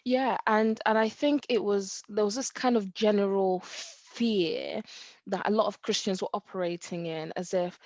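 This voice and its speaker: A woman co-hosting a podcast, talking casually and acting out quotes with animated emphasis. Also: medium pitch, a little slow, no echo, lo-fi sound. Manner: animated, acts out quotes, laughs. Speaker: podcast co-host. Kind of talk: casual faith discussion.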